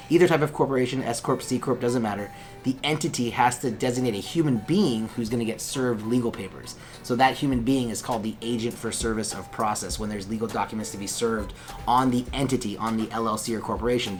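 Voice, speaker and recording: Chatty joking lawyer man, rambling vlog talk. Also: fairly low pitch. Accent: Californian. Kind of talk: casual vlog chat. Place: law office.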